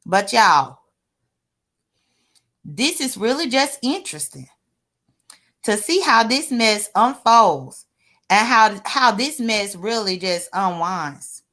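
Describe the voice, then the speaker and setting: A woman's voice: medium pitch, expressive, takes it slowly, long pauses, bright, forceful tone. A woman giving casual, sassy gossip commentary to her viewers, chatty and exclamatory. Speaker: online drama commentator.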